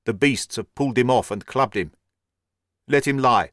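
Male reader playing a hot-tempered, desperate man shouting threats, dry and close. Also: medium pitch, moderate pace, dry recording, close to an everyday voice. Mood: frantic. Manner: shouting, frantic.

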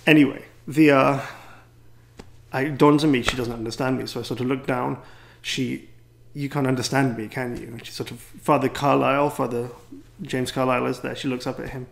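An English-accented priest speaks to a gathering in a wry, rambling way, poking fun at himself as he goes. His voice sits at a middling pitch for a man. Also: steady tone, fairly quick, gravelly, slight background noise. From England. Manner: wry, rambling, self-deprecating. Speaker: priest and teacher. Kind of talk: anecdotal talk to a gathering.

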